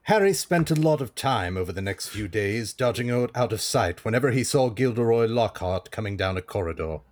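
A man's voice: lowish voice, expressive, a little fast, pitched above the performer's own voice, lightly acted. A man putting on a posh British accent to read a children's novel aloud. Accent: posh British (put on).

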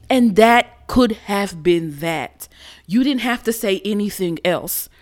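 A young American woman telling a personal story in a blunt, profane, animated way, laughing often. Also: medium pitch, measured pace. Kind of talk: candid storytelling.

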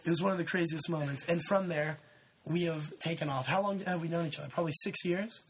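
A man in his twenties hosting a podcast, telling a story in a rambling, laid-back way with lots of fillers and shout-outs. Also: a little high, quick pace, a little hiss or hum. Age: 20s. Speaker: podcast host. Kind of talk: casual storytelling chat.

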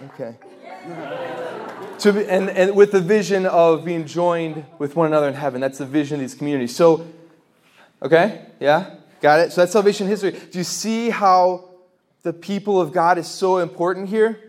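A man with a somewhat high voice gives a faith talk to a live audience. He tells quick stories, asks rhetorical questions and circles back to repeated refrains with animated emphasis. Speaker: speaker at a faith gathering.

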